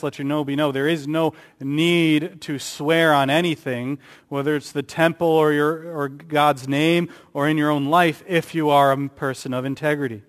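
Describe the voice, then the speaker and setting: A man delivers a sermon, getting louder and higher when he wants to stress a point and performing the quotations he reads aloud. His voice rings with long hall reverb.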